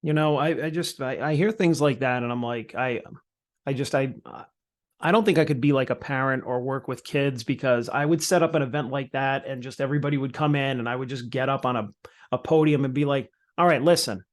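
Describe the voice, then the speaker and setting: A man's voice: mid-range voice, fairly even intonation, brisk. A man co-hosting a podcast, joking around with hesitant restarts. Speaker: podcast co-host. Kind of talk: casual chat.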